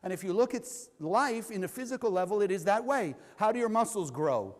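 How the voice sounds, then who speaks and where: A man with a high voice gives a spiritual lesson, emphatic and putting questions to his listeners. His voice trails off into a long reverb, as if in a large lecture hall. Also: lively intonation, a little fast. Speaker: spiritual teacher.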